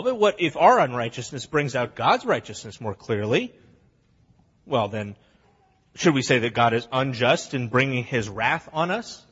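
A man's voice: medium pitch, slightly rough, in a large hall, lo-fi sound. A man preaching a sermon to his congregation, blunt and plain-spoken, acting out both sides of an argument. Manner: animated, acts out both sides of arguments in quick voices. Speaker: pastor. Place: church sanctuary.

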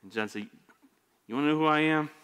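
A man preaching a sermon, expressive, stumbling over repeated words, swinging between loud emphasis and hushed lines. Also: on the high side, fast talker, smooth. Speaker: pastor. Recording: echoey hall reverb.

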